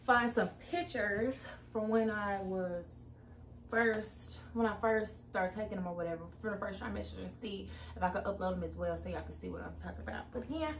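A woman's voice: mid-range voice, fast, gravelly, hardly any pauses, roomy sound, slight background noise. A young woman chatting directly to her viewers in a casual vlog. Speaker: vlogger. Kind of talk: casual pregnancy update vlog. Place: room at home.

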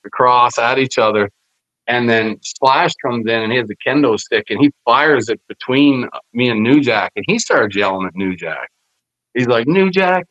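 A man's voice: fairly low pitch, dry recording. A man, a former wrestler, telling backstage stories in a casual interview, acting out quoted voices with plenty of swearing. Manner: animated storyteller, acts out quoted voices with profanity. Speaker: podcast guest, former wrestler. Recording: dull, lo-fi podcast audio.

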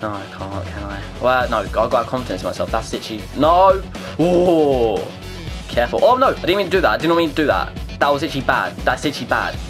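A young man narrates his own gameplay as it happens. He is excitable, jumping between highs and lows in pitch, and he swears and mutters to himself. Faint music plays behind him. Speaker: gaming video creator. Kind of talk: live gameplay commentary.

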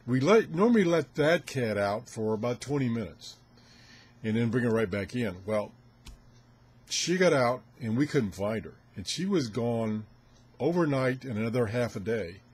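An older man with a husky, slightly rough voice chats casually to camera as host of a ham radio show. He rambles along with chuckles and sounds a little out of breath. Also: medium pitch, darkish tone.

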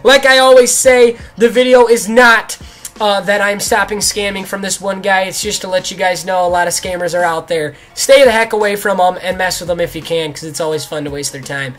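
A young man, a gaming YouTuber, telling a story in a mocking, animated way, laughing often and swearing. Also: sits high, a little fast, faint music behind. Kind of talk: storytelling commentary.

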